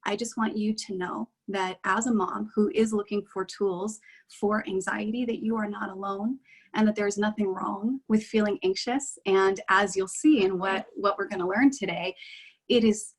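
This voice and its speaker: A woman leading a guided meditation in a gentle, reassuring, unhurried way. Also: medium pitch, fairly even intonation, slightly rough, poor audio.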